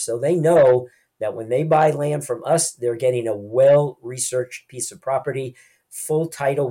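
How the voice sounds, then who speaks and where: A man in his sixties, a land banking consultant, explaining in a lively conversational way and acting out quotes. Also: mid-range voice. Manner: lively storyteller who acts out quoted voices.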